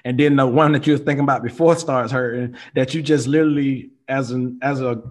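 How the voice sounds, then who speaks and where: A man in his thirties chatting casually as a podcast co-host, animated and profane, acting out what people say. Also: medium pitch, fairly quick. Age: 30s. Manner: animated, profane, acts out quoted lines. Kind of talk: casual chat.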